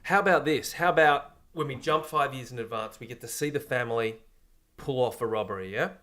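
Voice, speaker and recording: A man's voice: medium pitch, fairly quick, pushed and bright. Laid-back man spinning a story. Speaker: podcast co-host. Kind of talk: casual comedic chat, pitching a movie plot.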